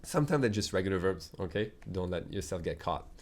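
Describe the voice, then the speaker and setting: Man, low voice, native French speaker, teaching a lesson, patient, repeats phrases slowly. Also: expressive, darkish tone. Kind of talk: video language lesson.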